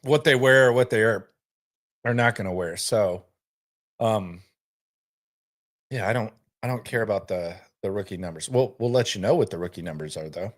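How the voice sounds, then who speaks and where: A man's voice: on the low side, moderate pace, pauses often. A man hosting a casual sports stream, laid-back and rambling, often repeating words as he restarts. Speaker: podcast host. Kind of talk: casual live-stream talk.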